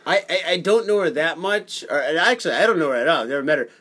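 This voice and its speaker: Male podcast co-host, sarcastic sidekick, slightly high voice that jumps around. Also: animated, fast talker, bright, forceful tone. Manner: sarcastic interjections. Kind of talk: casual chat.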